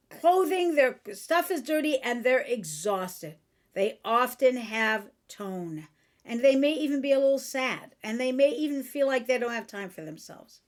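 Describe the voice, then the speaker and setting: Earnest self-help host, higher woman's voice. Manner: earnest, frank. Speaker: podcast host and author. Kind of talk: motivational self-help talk.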